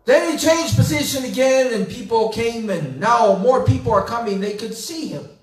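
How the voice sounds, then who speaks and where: A man pastor preaching a sermon, retelling scripture slowly and dramatically, building to emphatic questions. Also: extremely high pitch, lively intonation, reverberant, distant mic. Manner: slow, dramatic storytelling with rising emphatic questions. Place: church sanctuary.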